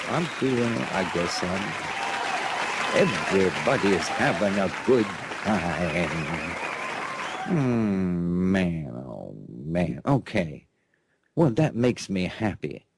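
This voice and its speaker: A low, gravelly man hosting a sarcastic news show, rambling as he mocks the headlines. His pitch swings widely, he talks at an unhurried pace, and his husky voice is recorded dry and close. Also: very animated, over a noisy crowd, heavy background noise. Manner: rambling, mocking, repeats himself. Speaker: host.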